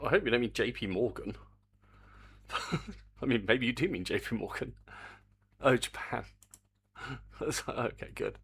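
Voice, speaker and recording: A man's voice: medium pitch, a little slow, vocal fry, pauses often, fairly bright tone, slightly rough. An older man, chatting casually on a live stream while he works on a game, reading the chat aloud and swearing mildly.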